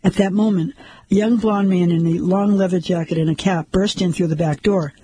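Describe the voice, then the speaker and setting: Husky man narrating a crime story. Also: high voice, steady tone, fairly quick, mellow, poor audio. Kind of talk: audiobook narration.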